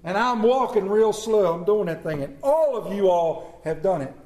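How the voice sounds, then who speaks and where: A man's voice: sits high, expressive, normal speed, a little mellow, echoey room, rough recording. A man preaching a sermon, reading scripture and telling stories with emphatic calls to his congregation. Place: church.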